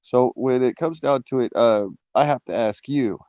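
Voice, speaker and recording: A man's voice: medium pitch, moderate pace, no room sound, highs cut off. Rambling man on a live stream. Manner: rambling, many restarts and fillers, swearing. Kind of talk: casual live-stream monologue.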